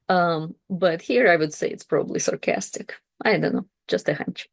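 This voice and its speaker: A woman teaching a language lesson, carefully slowing down to pronounce each example word. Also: fairly low pitch, vocal fry, no echo. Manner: careful, slowed pronunciation of example words.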